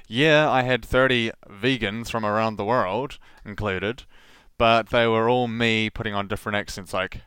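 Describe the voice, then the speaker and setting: A man's voice: lowish voice, fairly even intonation, moderate pace, fairly bright tone, smooth, no echo. A man hosting a podcast, talking casually and poking fun at himself with frequent laughs. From New Zealand. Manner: chatty, self-mocking, laughing often. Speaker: podcast host. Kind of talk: casual solo monologue.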